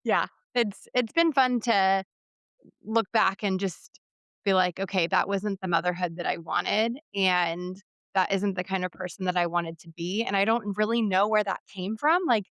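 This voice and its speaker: A thirty-something woman hosting a podcast chats candidly in a casual interview, using plenty of fillers. Her mid-range voice is fairly bright and fairly even at normal speed, and the recording is dry.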